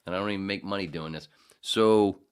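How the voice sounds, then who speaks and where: A man in his forties hosting a podcast, rambling casually with profane jokes and quick impressions. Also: low-pitched, clean tone. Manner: profane, jokey, slips into impressions. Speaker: podcast host.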